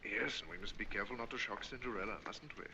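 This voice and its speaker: A man's voice: fairly low pitch, fast, vocal fry, lo-fi sound, crowd noise. An actor playing a brash, mocking man-about-town in a jaunty, sneering manner in an old film.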